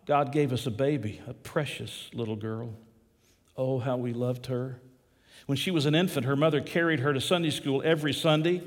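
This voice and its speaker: In a large church hall, a male pastor preaches an impassioned sermon at a brisk clip with a steady tone. He tells a story dramatically, his pitch and loudness swinging widely.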